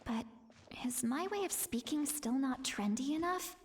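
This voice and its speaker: A woman's voice: high-pitched, expressive, unhurried, very noisy. An actress voicing a self-conscious elderly female shaman in a game, earnest and awkward, eager to sound trendy. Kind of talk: game character dialogue.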